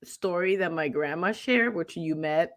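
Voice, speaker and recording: A woman's voice: fairly low pitch, measured pace, a bit bright. A woman co-hosting a casual morning talk show over a video call. She tells a long personal story, laughs often and acts out the other people in it. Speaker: co-host.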